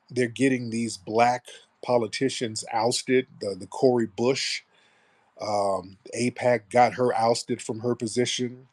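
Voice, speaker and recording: A man's voice: mid-range voice, darkish tone. A man hosting a live political commentary show, blunt and mocking, with rambling asides. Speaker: radio show host.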